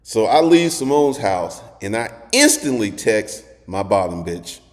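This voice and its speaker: An animated man telling a raunchy story in a casual monologue, his pitch swinging widely as he acts out quotes. The sound rings with a long reverb. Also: a little slow. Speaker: host.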